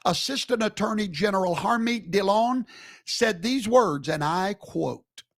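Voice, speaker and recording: A man's voice: sits high, a little slow, creaky, dry recording, clean studio sound. A man giving a live streamed commentary in an emphatic, preacherly way, scolding with rhetorical questions.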